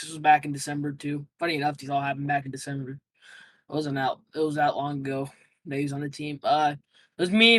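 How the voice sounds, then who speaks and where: A man's voice: a little high, fairly bright tone, rough recording. A young man answering interview questions casually, rambling through a story with lots of fillers and restarts.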